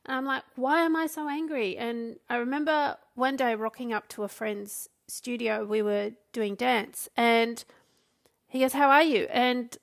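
A coach hosts her own podcast solo, chatting casually with frequent restarts and acted-out quotes. Her voice is on the high side and gravelly.

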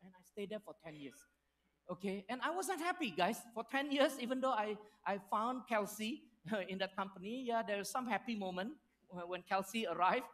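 Storytelling pastor preaching. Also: male voice, high voice, normal speed. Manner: storytelling with lively acted-out quotes, non-native phrasing. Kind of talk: sermon.

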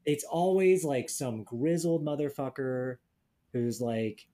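Young man, casual podcast chat, dark mellow voice, blunt and sardonic, profane. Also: medium pitch, animated, takes it slowly. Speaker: podcast co-host.

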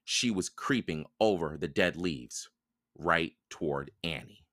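Slow, deep-voiced man reading a storybook. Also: fairly bright tone, no room sound, studio quality. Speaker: podcast reader. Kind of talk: reading a children's chapter book aloud.

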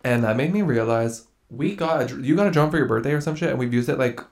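A man, co-hosting a podcast in casual chat, animated and joking with quick asides. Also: medium pitch. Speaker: podcast co-host.

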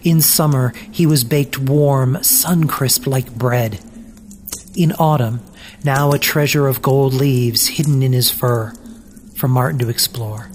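A storyteller reading a children's story aloud in a slow, measured, gentle way with long pauses. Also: medium pitch, fairly even intonation, a little hiss or hum. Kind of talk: scripted narration of a children's story.

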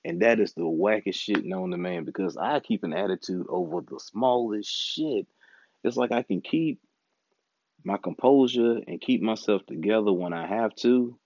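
Recorded on a home setup with a dull, dry lo-fi sound and no echo, a married man hosting his own podcast rants casually. He's frustrated, swears, and rambles. His voice is fairly low and a little mellow, and he speaks at a normal pace.

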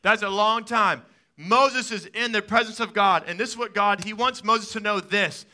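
A man in his thirties preaching a sermon as a pastor, telling stories with lively swings from loud excitement to quiet, soft talk. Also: high-pitched, moderate pace. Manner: animated storytelling, rising to loud excited peaks then dropping soft.

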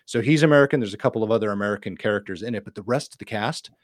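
A man's voice: fairly low pitch, rapid-fire, dry recording, clean studio sound. A man co-hosting a podcast, chatting casually and enthusiastically, rambling with restarts. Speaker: podcast co-host. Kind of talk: casual chat.

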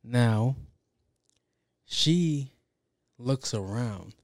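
A man's voice: medium pitch, drawn-out words, no echo, studio quality. A young man telling a story from work in a casual, profane, slangy way, acting out what people said. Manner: profane, slangy, animated with acted quotes.

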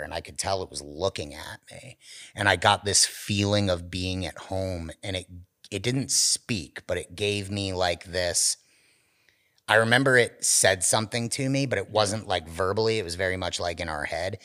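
A man, a podcast co-host, telling a story in casual chat, swearing a lot and acting out the voices of the people in it. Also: low-pitched. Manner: animated, profane storytelling with acted quotes.

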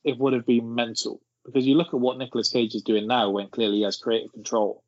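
In easygoing podcast chat, a man at medium pitch rambles through a story fast, laughing along the way. His delivery is flat and his tone darkish. It's a dry recording with dull lo-fi sound.

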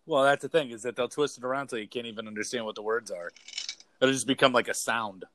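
A man's voice: medium pitch, quick pace, fairly bright tone. A man co-hosting a casual talk show, rambling and repeating words as he searches for what to say. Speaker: podcast co-host. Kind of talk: casual chat.

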